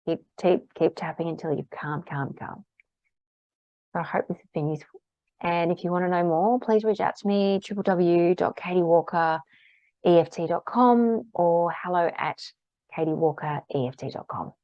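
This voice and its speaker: A woman's voice: fairly low pitch, normal speed, no room sound, highs cut off. A woman practitioner giving a casual, candid talk about tapping, acting out the phrases she repeats aloud while tapping.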